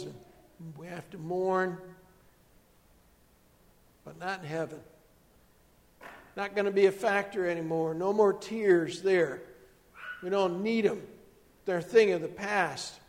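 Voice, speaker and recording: A man preaching a sermon as pastor, telling stories and dropping to soft, hushed tones for emphasis. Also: sits high, steady tone, slow, pauses often, big-room sound.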